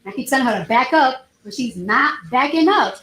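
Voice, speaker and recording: A woman testifying in a courtroom, telling her side in an animated way and acting out what others said. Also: high-pitched, fairly quick, echoey room, rough recording. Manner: animated, reenacts dialogue with lively voices.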